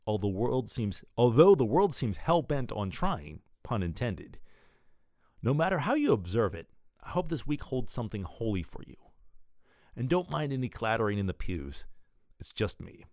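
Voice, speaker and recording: A man's voice: mid-range voice, sing-song, moderate pace, darkish tone, no room sound, clean studio sound. A man hosting a show, reading a wry, pun-loving column and a serial story. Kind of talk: scripted column and serial narration.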